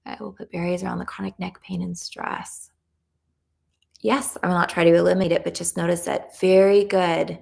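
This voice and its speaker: A woman leading a live EFT tapping session, talking through calm affirmations in a soothing, encouraging way and reading out viewers' comments. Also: on the low side, fairly quick, gravelly. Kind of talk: guided tapping script, then reading live chat. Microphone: livestream camera mic.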